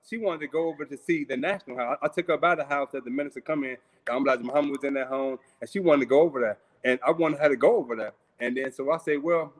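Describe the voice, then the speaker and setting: A middle-aged man from St. Louis telling a personal story over a video call, speaking casually and repeating words as he goes. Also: on the high side. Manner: conversational, repeats words, acts out voices in quotes. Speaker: guest. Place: home, remote video call.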